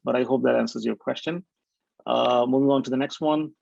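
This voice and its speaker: A man's voice: medium pitch, fairly even intonation, fairly quick, vocal fry, a little mellow, no echo. A man, moderating a webinar, reading out audience questions with hesitant fillers over a video call. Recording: dull lo-fi call audio.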